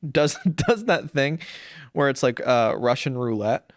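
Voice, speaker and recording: Young male podcast host, crude and rambling, average pitch, dry close sound. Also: animated, a little slow, no room sound. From Saint Paul, Minnesota. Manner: rambling, crude, jokey, slips into silly voices for bits. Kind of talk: comedic solo podcast rant.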